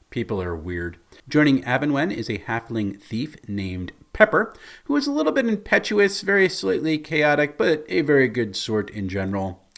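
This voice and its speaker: A man, a game master, chatting through what happened in his tabletop campaign with an amused storyteller's manner. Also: mid-range voice. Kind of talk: recounting a tabletop game session.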